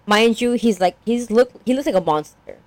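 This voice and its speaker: A woman's voice: fairly high pitch, animated, normal speed, dry recording. A young woman casually recapping a story as a podcast co-host, rambling with lots of "like" and acting out characters.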